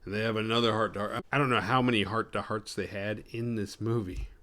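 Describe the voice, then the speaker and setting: Low-voiced man doing a jokey film recap. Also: steady tone, a bit bright. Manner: swearing, jumps into quick voices for characters. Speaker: podcast host recapping a horror film. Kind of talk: casual comedic retelling.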